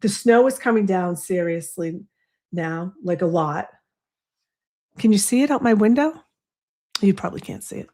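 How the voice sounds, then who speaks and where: This Boston-accented host, from the US East Coast, livestreams casually from home with a snowy window at her back and a desk microphone in front. Her mid-range, animated voice has a dark tone and normal speed, broken by long pauses, as she rambles and makes asides to her audience.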